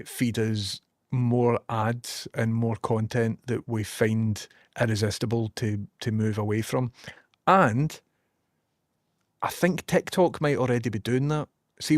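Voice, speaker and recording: A man's voice: mid-range voice, darkish tone, dry recording, studio quality. A young man with a Scottish accent, chatting casually on a live stream, answering viewers and musing aloud in a rambling, easygoing way with the odd swear word.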